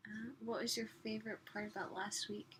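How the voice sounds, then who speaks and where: A woman's voice: medium pitch, flat delivery, fairly quick, slight background noise. Chatty young woman telling stories. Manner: chatty storyteller with a soft, easy delivery. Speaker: summer youth missionary. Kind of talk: casual chat, storytelling.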